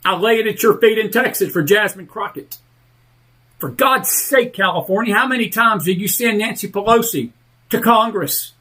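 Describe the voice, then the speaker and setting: A male talk radio host ranting through heated political commentary, fired up and leaning hard on drawn-out emphatic words. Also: sits high, sharp tone.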